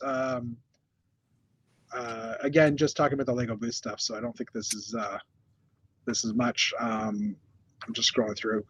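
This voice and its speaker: A man's voice: mid-range voice, pushed and bright, no room sound, poor audio. A man hosting a casual news chat from a hotel room, rambling with many fillers and restarts. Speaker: host.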